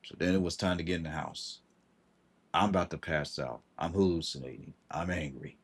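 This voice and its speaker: A man telling a personal story on a livestream, halting and repeating himself, with frustration in his voice. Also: rumbling low, steady tone, slightly rough. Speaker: vlogger.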